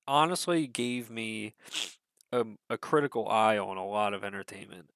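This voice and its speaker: A man's voice: fairly low pitch, vocal fry, dry recording, clean studio sound. A young man reacting to a trailer in casual commentary, rambling and swearing with many fillers, his nose stuffy. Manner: rambling, swears a lot, hesitant with many fillers, swings to excited bursts. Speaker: video creator reacting to a trailer.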